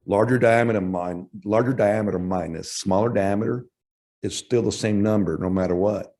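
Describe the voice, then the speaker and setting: At an industry workshop, a lowish-voiced man presents technical material in a somewhat mellow tone. His delivery stumbles, with repeated restarts and self-corrections.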